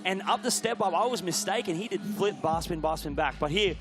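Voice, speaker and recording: High, excitable male BMX commentator. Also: brisk. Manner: excitable, shouts and gasps at big tricks. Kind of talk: live sport commentary.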